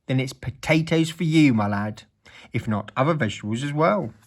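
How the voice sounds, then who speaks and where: A man's voice: mid-range voice, lively intonation, normal speed, pitched above the performer's own voice, natural voice. A man voicing a pompous, long-winded old male wizard who lectures sternly and sounds pleased with himself. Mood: lecturing. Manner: wordy, self-satisfied, stern.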